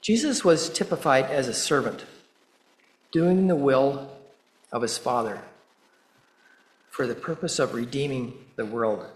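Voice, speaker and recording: A man preaching a sermon in a measured way, pausing deliberately and quoting scripture. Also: medium pitch, echoey room, poor audio. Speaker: pastor.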